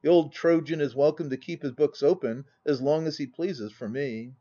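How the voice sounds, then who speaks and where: A man voicing a brash, boisterous young country gentleman who talks in a loud, blustering way, read as part of a storybook. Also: a little high, moderate pace, lo-fi sound, natural voice. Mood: boastful.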